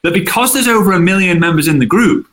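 A man talks as an interview guest, spinning chatty, animated anecdotes. His voice sits a touch high and has a sharp, forceful edge. The room around him rings with a noticeable echo. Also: quick pace, slight background noise. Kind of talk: casual interview storytelling. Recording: roomy echo.

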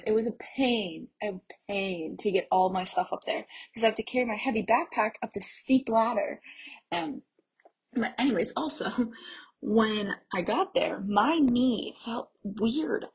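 Chatty young woman with a very breathy voice. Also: medium pitch, poor audio. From Pennsylvania, US. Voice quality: very breathy, airy voice. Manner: chatty, lots of "like" and laughs. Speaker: travel vlogger. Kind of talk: casual travel storytelling.

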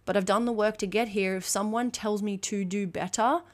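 A woman's voice: mid-range voice, steady tone, moderate pace. A woman hosting a motivational podcast alone, talking emphatically and bluntly with frequent swearing and acting out quoted conversations. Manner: acts out quoted dialogue. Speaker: podcast host.

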